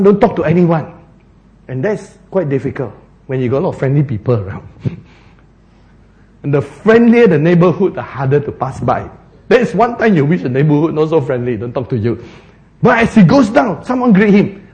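A man's voice: high-pitched, sing-song, normal speed, darkish tone. A man preaching a sermon, telling the story with animation, laughing often and acting out the characters.

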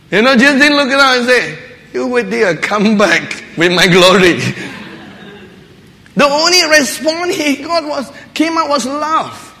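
A man delivers a light-hearted sermon in a notably high voice, laughing often and slipping into little acted voices. His words ring out with the long reverb of a large hall. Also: fairly bright tone. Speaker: preacher. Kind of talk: humorous sermon.

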